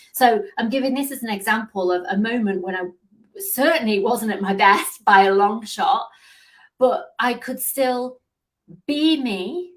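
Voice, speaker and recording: A woman's voice: a little high, a bit bright. A woman business coach giving an earnest live motivational talk, stressing points with rhetorical questions.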